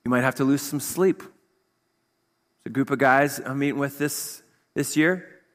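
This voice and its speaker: A male pastor giving a conversational sermon, full of rhetorical questions and quick asides. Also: mid-range voice. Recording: long hall reverb.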